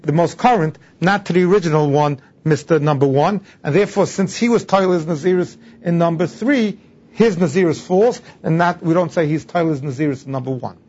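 Man teaching Talmud, husky lo-fi voice. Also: fairly high pitch. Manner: explains step by step, repeats terms for emphasis. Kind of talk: Talmud class lecture. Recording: dull lo-fi recording.

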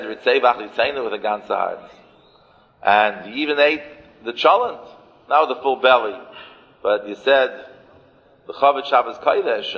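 A man's voice: medium pitch, vocal fry. A man giving a sermon as a rabbi. He repeats phrases for emphasis and mixes in Yiddish and Hebrew terms. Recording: muffled, with long hall reverb.

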